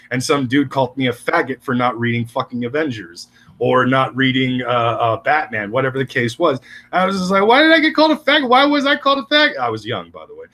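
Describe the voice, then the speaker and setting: A man's voice: medium pitch, pushed and bright, breathy edge. A man co-hosting a casual podcast, rambling with heavy swearing and many restarts. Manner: rambling, profane, fast bursts with restarts. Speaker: podcast co-host. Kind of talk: casual crude podcast banter.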